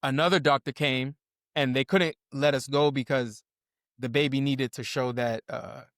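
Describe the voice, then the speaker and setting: Young male co-host, animated storyteller, mid pitch, dry close sound. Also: normal speed, no echo. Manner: animated storyteller, acts out quoted voices. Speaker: podcast co-host. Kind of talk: casual storytelling chat.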